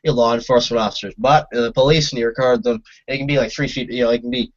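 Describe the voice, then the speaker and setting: A man from Canada co-hosts a loose chat show, rushing through his thoughts and repeating words as he goes. His voice sits at a middle pitch, and the audio is dull and lo-fi. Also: steady tone, dry recording. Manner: fast, rambling, with repeated words. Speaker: co-host. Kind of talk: casual opinion chat.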